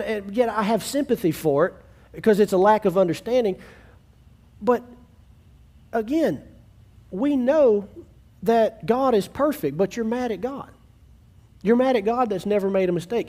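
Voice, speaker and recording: A pastor with a high, mellow voice preaches a sermon in an earnest, conversational way, restarting phrases and acting out quoted family dialogue.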